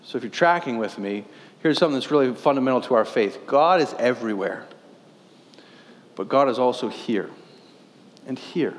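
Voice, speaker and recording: A man's voice: mid-range voice, expressive, moderate pace, long pauses, in a large hall. A man in his thirties, a pastor, preaching a sermon earnestly, posing questions and reading scripture aloud.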